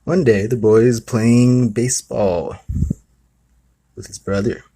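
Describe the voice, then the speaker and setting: A man's voice: medium pitch, fairly even intonation, slow pace, dark tone, husky. A man hosting a spiritual talk, telling a story in a casual, rambling way full of asides. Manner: rambling, with many asides of "you know" and "okay".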